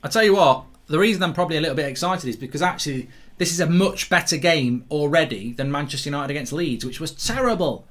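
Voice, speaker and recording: A man hosting a live football watchalong, reacting excitably to the play and reading out viewer comments. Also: a little high, fast talker. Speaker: host.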